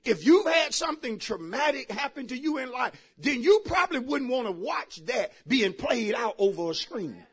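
Pastor, male, high, husky voice; rousing sermon, shouts then drops soft, jokes with the room. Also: big pitch swings, moderate pace, few pauses. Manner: shouting preaching with sudden drops to quiet asides; joking and laughing with the congregation. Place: church.

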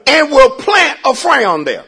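A pastor preaching to his church, calling for responses and rising into shouts. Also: very high voice, wildly swooping pitch, takes it slowly. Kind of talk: call-and-response sermon.

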